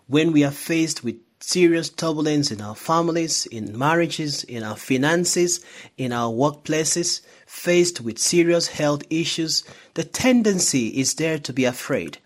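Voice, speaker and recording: A man, a priest, delivering a Sunday homily in a measured, reflective way. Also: on the high side, expressive.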